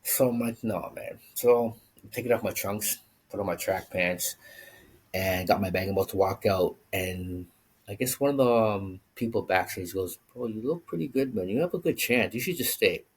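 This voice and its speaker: A man vlogging, telling a personal story in a casual, animated way and acting out the voices he quotes. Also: lowish voice, moderate pace, husky.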